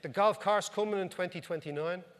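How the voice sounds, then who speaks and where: A man's voice: high-pitched, a little fast, a bit bright. An Irish man, an economic commentator, telling wry anecdotes in a humorous talk to a live audience. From Ireland. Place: club function room. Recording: reverberant hall.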